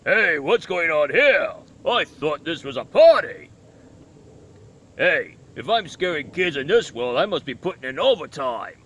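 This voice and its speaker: A man's voice: a little high, very animated, measured pace, fairly bright tone, full character voice. Man doing a big jolly monster. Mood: indignant. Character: big jolly male monster who scares kids.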